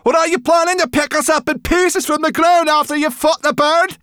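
A man doing a shrill, bossy brownie girl. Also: fairly even intonation, normal speed, no room sound, studio quality. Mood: urgent shouting. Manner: high, loud and urgent shouting. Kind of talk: audiobook character voice.

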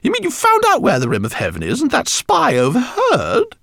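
A man voicing a brash, quick-talking female rat pilot in a storybook reading. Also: very high-pitched, wildly swooping pitch, vocal fry, fairly bright tone, no echo, studio quality, pitched above the performer's own voice, heavily acted.

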